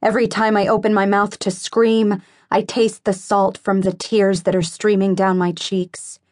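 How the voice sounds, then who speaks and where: A woman's voice: lowish voice, darkish tone, no room sound, studio quality. A woman reading a first-person audiobook in an emotional, intense dramatic style. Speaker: audiobook narrator.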